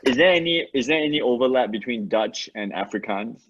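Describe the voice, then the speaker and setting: A man's voice: medium pitch, expressive, brisk, background noise. A man who is a guest on a podcast, chatting casually, asking curious questions and making dry jokes. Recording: dull lo-fi sound.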